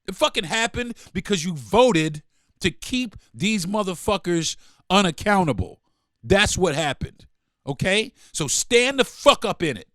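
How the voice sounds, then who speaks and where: A man's voice: high-pitched, big pitch swings, unhurried, a bit bright, dry recording, studio quality. A middle-aged man hosting a solo podcast, ranting angrily with heavy profanity and mocking quotes. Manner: profane, heated, repetitive, mock-quoting others. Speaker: podcast host. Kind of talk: angry solo podcast rant.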